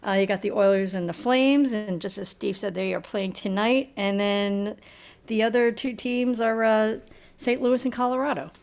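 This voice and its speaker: A woman's voice: medium pitch, steady tone, normal speed, a little mellow. A woman co-hosting a podcast, stammering and hesitant as she chats about sports. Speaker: podcast co-host. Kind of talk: casual podcast banter.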